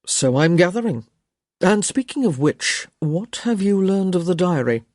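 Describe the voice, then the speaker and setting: A woman doing a dry, wry gentleman. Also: lowish voice, big pitch swings, measured pace, dry recording. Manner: dry and sardonic. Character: dry, wry young gentleman, reluctant guest.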